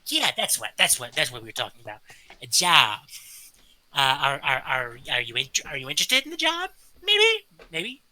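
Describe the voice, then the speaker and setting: A man voicing a small excitable male kobold who stammers and repeats words, in a tabletop game. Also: a little high, moderate pace, heavily acted, poor audio. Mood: flustered.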